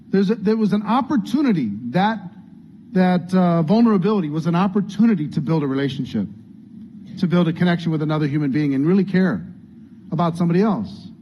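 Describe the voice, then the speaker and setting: A man's voice: high-pitched, slight background noise. A man coaching a training group, earnest and conversational, acting out what people might say. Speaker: business coach. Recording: dull lo-fi sound, faint room ambience.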